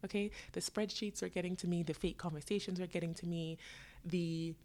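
A woman in her twenties telling her own story to her viewers, dramatic and animated, laughing often and acting out the people in it. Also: lowish voice. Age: 20s. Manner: voices herself and others in quick asides. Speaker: vlogger. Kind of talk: storytelling to camera.

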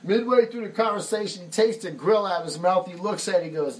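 A man's voice: sits high, quick pace, hardly any pauses, distant mic, rough recording. Laid-back American man telling stories. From United States. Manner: laid-back and profane, says "man" often. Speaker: musician and songwriter hosting a live stream. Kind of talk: casual storytelling.

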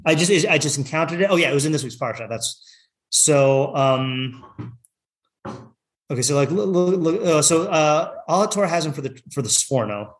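A man teaching a relaxed weekly text class to students, reading translations aloud and explaining them with many pauses, fillers and restarts. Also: on the high side. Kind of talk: informal text study class.

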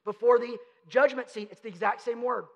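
High-voiced pastor preaching in a reverberant hall. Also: male voice, fairly even intonation, brisk, vocal fry, lo-fi sound. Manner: conversational, emphatic preaching with rhetorical questions. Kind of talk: sermon. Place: church sanctuary.

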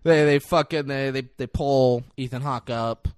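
A man's voice: mid-range voice, a little slow, clear, resonant tone, no echo. Guy on a podcast hyped up retelling a movie scene, cursing a lot, dry close mic. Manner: animated storyteller, swears freely, acts out quotes. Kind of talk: casual movie recap chat.

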